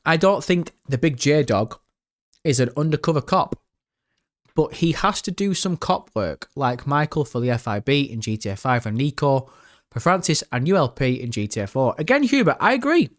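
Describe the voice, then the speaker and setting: A man's voice: a little high, animated, moderate pace. A man chatting casually with his livestream chat, swearing freely and talking straight to viewers. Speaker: livestream host.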